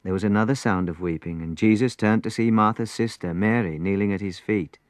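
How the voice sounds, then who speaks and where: A man reading a storybook aloud, in an expressive, unhurried way. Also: lowish voice, noisy background. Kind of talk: storybook narration.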